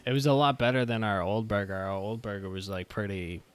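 A young man with a smooth, resonant voice and a lowish pitch, chatting in a relaxed, laid-back way. He pauses often on fillers as he goes, easygoing rather than polished. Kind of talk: casual chat.

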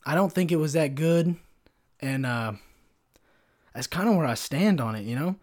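A man's voice: a little high, moderate pace, a little mellow. A young man from Kentucky, hosting a solo podcast from his bedroom and ranting in a profane, rambling, heated way. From Kentucky, USA. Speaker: podcast host. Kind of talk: casual solo rant. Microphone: desk microphone.

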